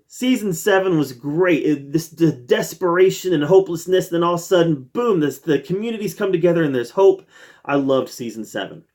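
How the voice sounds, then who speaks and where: A man's voice: on the high side, animated, fairly quick, a little mellow. Eager male show reviewer, casual chat. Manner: enthusiastic, with frequent fillers and restarts. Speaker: host of a TV review channel. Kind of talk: casual spoken ranking review.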